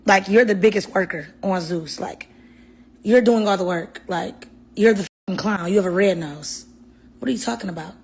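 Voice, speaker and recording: A woman's voice: medium pitch, normal speed, slightly rough. A woman in mocking someone with a string of profane insults. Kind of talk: heated clapback rant.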